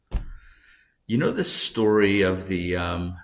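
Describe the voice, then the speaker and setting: A man teaching a live class as a rabbi, joking and quizzing his students with animated energy. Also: sits low, slow. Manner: playful, jokey, animated, asks the class questions. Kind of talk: lively live class lecture.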